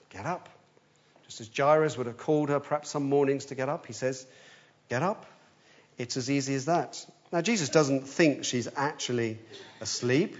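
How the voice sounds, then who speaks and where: A man delivers a sermon as lively storytelling, swinging between urgent rises and quiet, hushed passages. His pitch sits in a plain middle range. The recording sounds dull and slightly lo-fi. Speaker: preacher.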